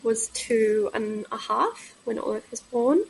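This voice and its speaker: A woman in her thirties talks frankly as a podcast guest, a little high in pitch. She pauses often and fills the gaps with soft ums. A faint hiss sits under her voice. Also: creaky, low-quality recording. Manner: halting, frank, many pauses and fillers. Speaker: guest, midwife. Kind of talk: candid podcast conversation.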